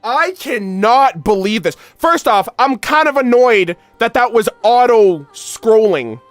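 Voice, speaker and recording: A streamer giving live game reaction commentary, excitable and exclamatory, talking straight to chat. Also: medium pitch, slow, dry recording, soft background music.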